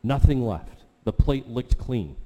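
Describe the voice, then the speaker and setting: A man preaching a sermon, telling a story with animated swings from quiet talk to loud exclamations. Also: mid-range voice, takes it slowly, in a large hall. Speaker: pastor.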